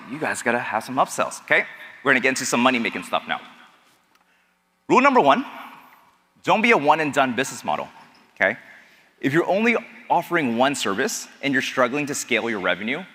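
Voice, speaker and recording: Male business coach, lively and bright, quizzing the crowd, long hall reverb. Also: medium pitch. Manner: animated, asks the crowd questions. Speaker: business coach speaking to an audience. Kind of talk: energetic seminar talk. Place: event hall with a live audience.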